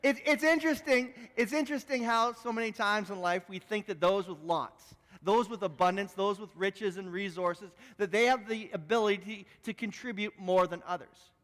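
A male pastor delivers a sermon in a fairly high voice, telling a story with frequent restarts and repeated words. His speech echoes with the long reverb of a church hall. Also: moderate pace, few pauses, fairly bright tone. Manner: storytelling, repeats words as he talks, self-deprecating.

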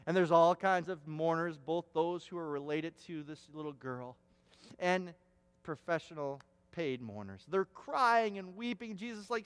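A man's voice: on the high side, animated, unhurried, clean tone. A man preaching a sermon as pastor, emphatic and repeating words for stress, with a long hall reverb.

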